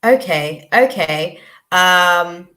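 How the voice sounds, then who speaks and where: A woman's voice: fairly low pitch, lively intonation, extremely slow, sharp tone. A woman giving a live tarot reading, hesitant and chatty, with many fillers as she searches for words. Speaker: tarot reader.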